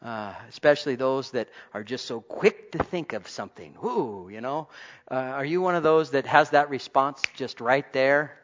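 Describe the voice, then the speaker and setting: A man preaching a sermon to his congregation, swinging between loud exclamations and soft asides. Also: medium pitch, moderate pace. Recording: dull lo-fi recording.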